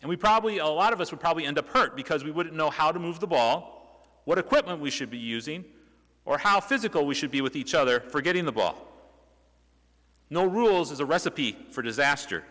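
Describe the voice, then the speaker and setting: A man's voice: a little high, lively intonation, a little fast, a bit bright. A young man preaching a sermon in a church, talking in a conversational way with rhetorical questions and restarts. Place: church sanctuary. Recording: reverberant church hall.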